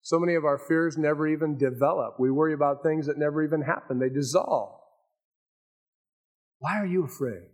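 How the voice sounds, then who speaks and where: Older male pastor, animated sermon. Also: a little high, brisk. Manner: animated preaching, swings from raised emphasis to hushed asides.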